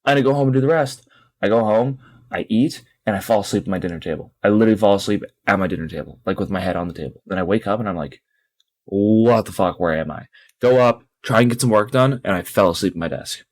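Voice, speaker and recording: Talking fast in a darkish, low voice, a young man co-hosting a podcast rambles through a tired, swear-filled story in casual chat. There's no echo.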